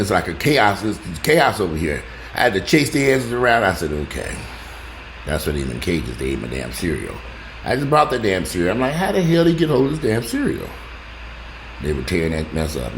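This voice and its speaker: A deep-voiced man rambles to his viewers in a casual monologue. His pitch rises and falls widely as he jumps from loud exclamations to muttered asides. A faint hiss of noise sits behind him. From United States. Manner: rambling, joking, talks straight to the audience. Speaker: vlogger.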